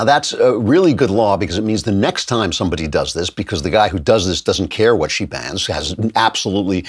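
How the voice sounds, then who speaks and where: A man's voice: on the low side, breathy edge. A man hosting a political talk show, giving emphatic, sardonic opinion commentary into a studio mic. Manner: emphatic, sardonic, with occasional laughs.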